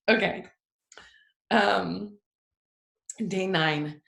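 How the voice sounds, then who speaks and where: Chatty and emotional, a young devotional host shares a faith talk at her family home, using lots of fillers. Her voice is low-leaning, creaky, and a bit bright, with fairly even intonation at normal speed, captured with a roomy echo.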